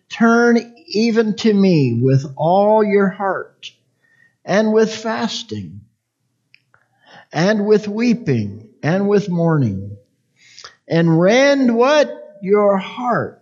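A male pastor delivers a sermon in a high voice, taking his time over each phrase. He reads scripture and climbs into loud, impassioned pleading prayer. The recording sounds dull and lo-fi. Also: lively intonation, slow pace.

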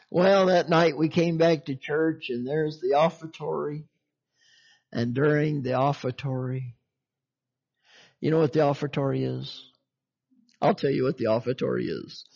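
A man delivers a sermon testimony in a folksy, storytelling way, chuckling often. His voice sits a little high. The recording is dull and muffled. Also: fairly even intonation, unhurried, creaky, long pauses, darkish tone. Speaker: preacher.

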